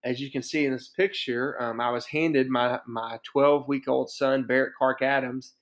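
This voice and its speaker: A man's voice: medium pitch, fairly even intonation, normal speed. A man in his thirties, a camp staff director hosting a parent webinar, telling stories in an upbeat, chatty way. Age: 30s. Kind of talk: presenting a webinar with personal stories. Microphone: computer mic on a webinar. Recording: dull lo-fi webinar audio.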